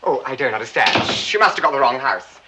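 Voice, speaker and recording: An actor playing a prim, easily flustered bachelor in a 1970s British film comedy, prissy and high-strung with squealing outbursts. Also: male voice, lively intonation, fairly quick, noisy background, close to an everyday voice. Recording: film soundtrack with loud music.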